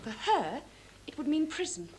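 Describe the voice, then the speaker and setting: A proud, vengeful young stepdaughter in a stage drama, who talks with urgent indignation. Her voice is high. A faint hiss runs under the recording. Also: very animated, normal speed, a little mellow. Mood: indignant.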